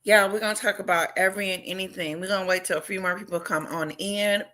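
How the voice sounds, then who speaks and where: A woman hosting a casual livestream chat, talking loudly and excitedly and greeting viewers by name. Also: mid-range voice, fast. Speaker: livestream host.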